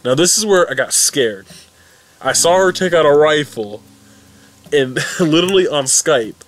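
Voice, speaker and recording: Rambling, excitable young man recapping. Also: fairly high pitch, a little slow. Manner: rambling, excitable, lots of swearing and restarts. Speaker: fan recap vlogger. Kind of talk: casual recap commentary.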